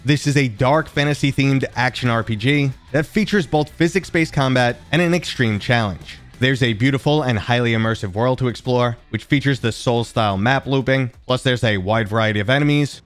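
A man's voice: mid-range voice, dry recording. A man hosting a video, reading scripted gaming news in an upbeat way with wry, joking asides. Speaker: video host.

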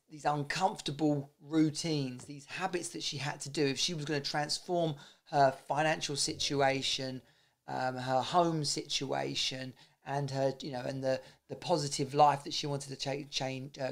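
A man's voice: a little high, creaky. A man giving a casual, blunt motivational talk, swearing freely and often restarting his sentences. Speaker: self-improvement vlogger.

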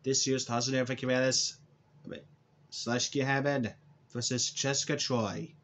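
A man cutting a rambling wrestling callout promo, halting and restarting often. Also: mid-range voice, level tone, fairly bright tone, slight background noise. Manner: halting, with restarts and repeated words.

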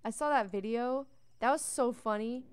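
A young woman narrating her own game playthrough in a relaxed, talkative way, often gushing over how cute things are. Her voice sits a little high and sounds smooth and clean. She reads the game's prompts out loud as she goes. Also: moderate pace. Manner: chatty and gushing, coos over cute moments; reads on-screen game text aloud. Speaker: let's play host. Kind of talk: casual gameplay commentary.

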